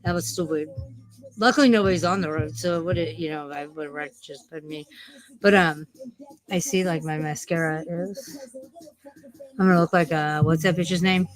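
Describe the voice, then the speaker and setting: A woman's voice: sits low, fairly even intonation, moderate pace, pauses often, faint music behind, rough recording. A woman hosting a casual livestream, talking in a profane, rambling and easily distracted way. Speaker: livestream host.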